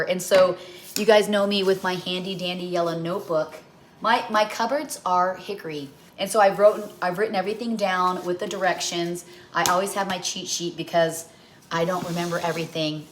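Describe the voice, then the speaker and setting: A woman's voice: mid-range voice, background noise. A middle-aged woman hosting a home cooking livestream, rambling through stories while she talks viewers through a recipe.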